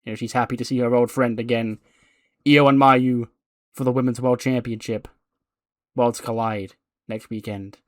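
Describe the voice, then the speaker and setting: A man casually narrating a wrestling simulation playthrough, excitable and chatty, with many fillers. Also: mid-range voice, moderate pace, pauses often, dry recording, clean studio sound. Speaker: game commentator.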